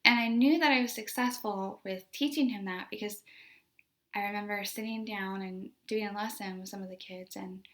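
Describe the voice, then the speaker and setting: A woman's voice: mid-range voice, fairly bright tone. A young woman, a special education teacher, telling a story from her classroom in a casual, conversational way, full of "like" and "you know".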